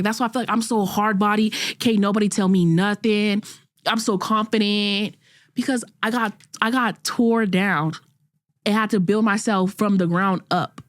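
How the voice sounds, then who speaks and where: In a clean studio recording with no echo, the twentysomething female podcast host talks in a mid-range voice. She keeps restarting as she picks herself apart frankly, using plenty of casual slang.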